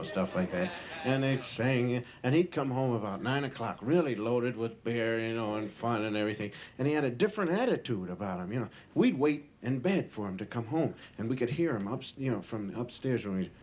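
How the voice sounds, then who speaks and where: Rambling man telling stories on stage, muffled tape. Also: on the low side. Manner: loose, rambling, full of "you know". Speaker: stand-up comedian. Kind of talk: live stand-up storytelling. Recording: muffled home tape of a live show with audience and hiss. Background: audience laughter and tape hiss.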